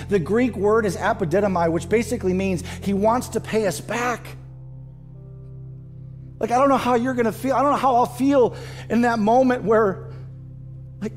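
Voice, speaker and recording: Male pastor, high voice, impassioned sermon, faint music underneath. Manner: impassioned, rising loud and high at emotional peaks. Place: church stage.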